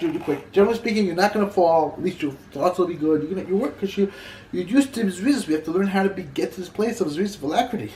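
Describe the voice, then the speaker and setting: A man giving an informal Torah class, talking in halting bursts that repeat and restart his phrases. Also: sits high, a little mellow, echoey room, slight background noise, low-quality recording. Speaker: Torah teacher.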